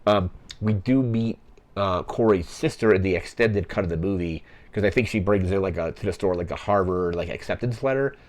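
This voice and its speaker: A man's voice: deep voice, a little fast. A young man hosting a podcast, casually recapping a film plot in a rambling way, full of "like" fillers. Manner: rambling, heavy use of "like" fillers. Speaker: podcast host.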